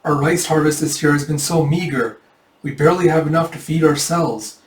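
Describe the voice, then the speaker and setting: A man's voice: on the high side, steady tone, a little fast, close to an everyday voice. A man voicing a humble old male village chief who pleads and apologizes, read from a comic. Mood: pleading. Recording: echoey room, mic at a distance.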